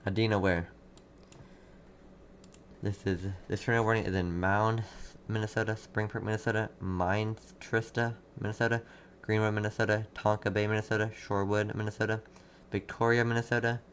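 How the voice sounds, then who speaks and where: A livestream weather host with a fairly low, level voice gives urgent live severe weather commentary at a moderate pace, repeating himself as he answers chat. He speaks into a desk mic, with faint keyboard clicks and slight background noise behind him.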